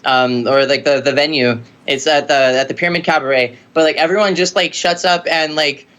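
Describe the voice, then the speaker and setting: A woman musician telling stories in a casual interview, rambling and lively with lots of filler words. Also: low-pitched, brisk. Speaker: musician guest.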